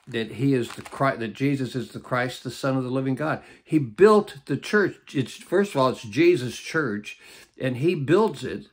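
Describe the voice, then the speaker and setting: A middle-aged man preaching as a pastor in a Bible study, emphatic and often checking in with "okay?". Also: mid-range voice. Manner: emphatic, repeats key phrases and checks in with "okay?".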